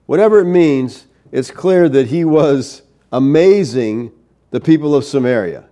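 A middle-aged man preaching a verse-by-verse sermon. His voice sits a touch high for a man but sounds mellow and warm. He keeps checking in with the congregation as he teaches. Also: lively intonation, unhurried. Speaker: pastor.

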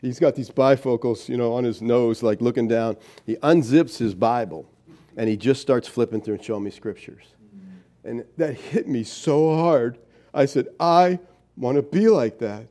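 Animated preacher with a mellow voice. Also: male voice, mid-range voice, moderate pace. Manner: animated storytelling, swings from loud emphasis to quiet asides. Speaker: pastor. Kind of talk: sermon.

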